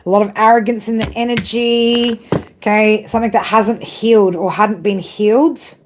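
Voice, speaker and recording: A woman's voice: medium pitch, steady tone, normal speed. A woman giving a live tarot reading in a blunt, profane monologue, ending nearly every phrase with a tag question. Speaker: tarot reader.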